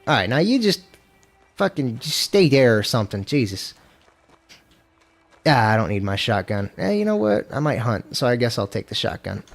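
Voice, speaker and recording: A man's voice: medium pitch, very animated, moderate pace, soft background music. Man chattering casually over a game stream. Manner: loose, profane, self-mocking chatter. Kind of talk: casual gameplay commentary.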